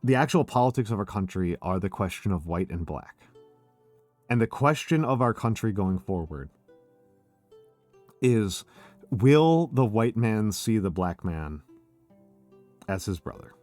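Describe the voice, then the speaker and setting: A man's voice: on the low side, animated, unhurried, long pauses, darkish tone, soft background music. An American man hosting a casual, tipsy stream chat, rambling and swearing, with laughs between his thoughts. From United States. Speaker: streamer host.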